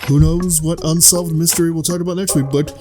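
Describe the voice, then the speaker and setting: A man's voice: a little high, steady tone, brisk, over music. Rambling podcast guy, swears a lot. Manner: rambling, swears casually, does silly impressions. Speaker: podcast co-host. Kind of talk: casual chat.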